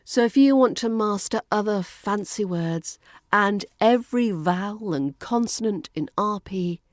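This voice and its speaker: A woman with a British RP accent teaching pronunciation as an accent coach, enunciating slowly and deliberately with playful asides. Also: medium pitch, no echo, studio quality. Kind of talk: pronunciation lesson.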